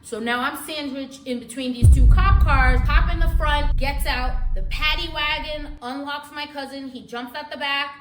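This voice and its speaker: A woman telling a wild personal story in an animated, profane, casual way. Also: high-pitched, moderate pace, hardly any pauses, echoey room, background noise.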